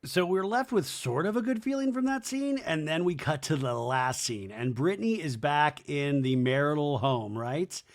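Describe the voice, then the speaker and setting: Chatty male podcast host, slightly high voice, casual rambling recap delivery. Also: moderate pace, few pauses. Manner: chatty and animated, lots of "like" and asides. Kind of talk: casual reality-show recap.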